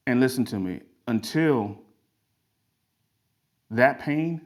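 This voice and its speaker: A creative studio owner gives a motivational talk made of folksy, parable-like stories, recorded in a garage turned into a studio. His voice is medium-pitched with a darkish tone.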